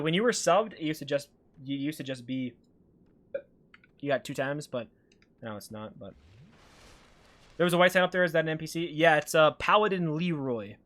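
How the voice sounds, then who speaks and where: A young male streamer with a light Canadian accent, from Alberta, talks casually to his chat while playing. His voice is a little high with a fairly bright tone, and he rambles, reading out chat questions and replying to them.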